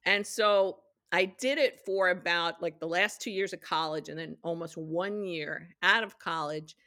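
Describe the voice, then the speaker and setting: Middle-aged woman guest, low-pitched and chatty, dry close recording. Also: unhurried, sharp tone, dry recording. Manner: chatty, acts out quoted dialogue in her anecdotes. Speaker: interview guest, studio executive. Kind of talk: casual storytelling interview.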